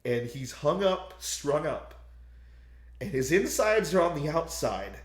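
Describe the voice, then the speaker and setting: A young man co-hosting a podcast, retelling a movie plot in loud, profane, animated bursts and acting out screams. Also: fairly high pitch, a little slow, roomy sound. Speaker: podcast co-host.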